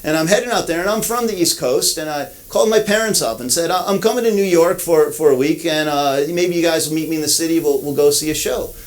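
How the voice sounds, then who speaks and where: A man's voice: a little high, quick pace, hardly any pauses, low-quality recording. A man from Connecticut giving a ceremony speech, telling a story with many restarts and repeated words. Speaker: event speaker. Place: outdoor ceremony.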